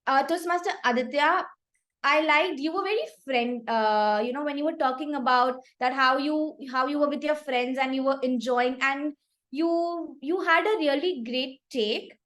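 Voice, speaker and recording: A young woman giving upbeat, encouraging feedback to speakers at a club meeting, with gentle suggestions for each one. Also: sits high, normal speed. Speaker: table topics evaluator.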